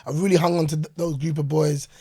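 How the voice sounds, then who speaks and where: A man's voice: a little high, little pitch movement, fast, dark tone, husky. A young man, a podcast guest talking earnestly and reflectively about his upbringing, with many fillers. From England. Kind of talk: casual podcast interview.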